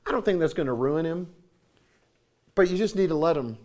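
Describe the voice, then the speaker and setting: Folksy man in his forties, slightly high. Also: expressive, fairly quick, long pauses, darkish tone. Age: 40s. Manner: folksy, acts out quoted voices with jumps in pitch. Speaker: conference speaker. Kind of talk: conference talk.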